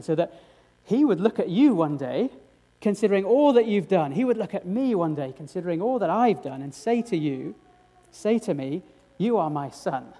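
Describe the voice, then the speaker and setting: A man's voice: a little high, dark tone. A man preaching a sermon, earnest and direct, often asking his congregation rhetorical questions.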